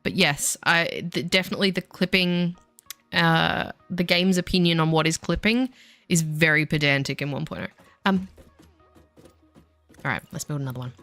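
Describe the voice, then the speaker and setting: Chatty woman, lowish voice, game stream chat over faint music. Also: moderate pace, a bit bright, no room sound. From Australia. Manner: chatty, self-deprecating, talks to chat while building. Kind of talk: casual chat while gaming.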